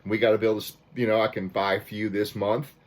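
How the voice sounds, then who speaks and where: A man's voice: lowish voice, little pitch movement, fast talker. A man ranting to camera as a record collector, fired up and frustrated, with many restarts and mild cursing. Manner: fired-up, repetitive restarts, swears mildly. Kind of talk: casual rant to camera.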